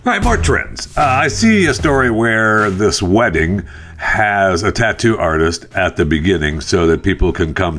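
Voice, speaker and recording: Low-voiced man, animated and exasperated. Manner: rambling with restarts and fillers. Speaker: podcast host. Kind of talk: casual opinion talk.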